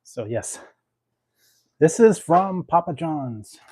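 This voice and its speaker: Giggly male food vlogger with a dark, husky voice, chatting loosely to camera. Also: a little high, lively intonation, slow. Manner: giggly, laughs often between phrases; rambling, with many fillers. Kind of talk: casual chat to camera.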